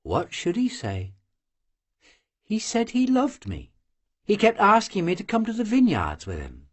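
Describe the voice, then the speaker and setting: An audiobook reader voicing a proud, serious young Cossack woman who answers quietly and firmly. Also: mid-range voice, huge pitch swings, a little slow. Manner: quiet, firm, curt replies. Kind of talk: audiobook character voice.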